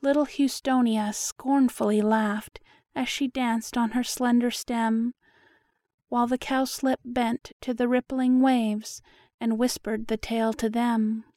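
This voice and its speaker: A woman narrating a storybook poem with a slow, measured recital. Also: a little high, flat delivery, warm tone, no room sound, studio quality. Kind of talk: reading a story poem aloud.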